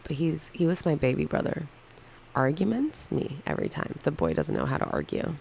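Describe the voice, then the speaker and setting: A woman's voice: low voice, lively intonation, brisk, vocal fry, a little mellow, a little hiss or hum, poor audio. A woman in her thirties chatting casually on a livestream, candidly answering viewer questions one by one. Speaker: livestream co-host.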